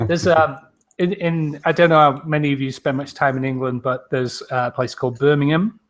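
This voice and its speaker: A man joking through a casual podcast chat, laughing along often. His voice sits a bit higher than most men's. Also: fairly even intonation, normal speed.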